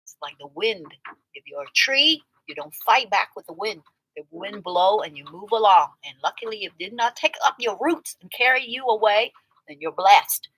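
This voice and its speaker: A woman hosts a casual livestream, teasing viewers as she reacts to their comments. Her voice sits lowish but leaps around, bright and a little husky. She laughs easily and keeps a playful, chatty rhythm. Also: expressive, moderate pace, dry recording, low-quality recording. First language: Vietnamese. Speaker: livestream host.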